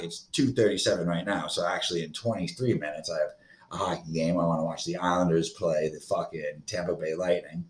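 A man's voice: low-pitched, moderate pace, a little mellow, reverberant. A man in his thirties from Florida, hosting a solo podcast in a profane, rambling, agitated rant. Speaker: podcast host.

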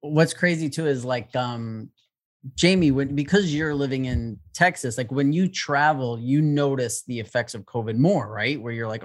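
A man's voice: medium pitch, a little fast. A man co-hosting a podcast in casual chat, earnest and musing, acting out imagined quotes. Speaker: podcast co-host.

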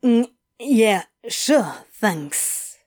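A woman's voice: on the high side, sing-song, drawn-out words, a little mellow, exaggerated voice. A woman doing a drawling, sardonic loner. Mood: dry. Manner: drawling, curt and dry. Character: sardonic, aloof young-ish man.

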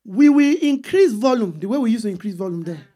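A woman's voice: fairly high pitch, expressive, a little fast, warm tone. A woman preaching a sermon, repeating points and calling for answers from the congregation. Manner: call-and-response with the congregation, emphatic repeats.

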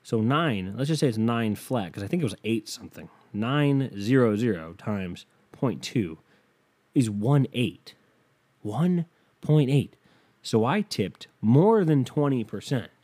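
A man's voice: mid-range voice, lively intonation, unhurried, darkish tone. A young man ranting to camera in a casual comedic monologue, swearing freely and acting out the people he quotes. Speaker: comedic vlogger.

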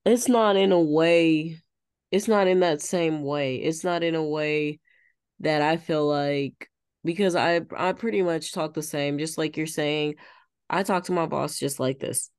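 A woman's voice: low voice, a little slow, a little mellow, clean tone, no echo, clean studio sound. A woman co-hosting a podcast in casual chat, thoughtful and searching for her words as she explains herself. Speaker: podcast co-host.

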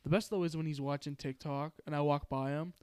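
A man's voice: fairly high pitch, fairly even intonation, a little fast, darkish tone, clear, resonant tone, dry recording, clean studio sound. A young man chatting casually and teasing his friend with jokes. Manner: teasing, joking. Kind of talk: casual chat.

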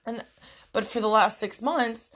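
A woman's voice: on the high side, unhurried, fairly bright tone. A young woman speaks straight to her viewers in a personal vlog. She is crying through her words, her voice thick with tears, and swears freely. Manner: tearful, emotional, swears freely. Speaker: vlogger.

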